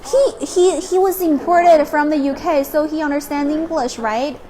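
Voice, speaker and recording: A woman's voice: sits high, normal speed, dark tone. A woman hosting a casual travel vlog outdoors at a horse farm, chatty and playful, slipping between English and Mandarin. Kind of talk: casual on-location chat. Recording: noisy outdoor ambience.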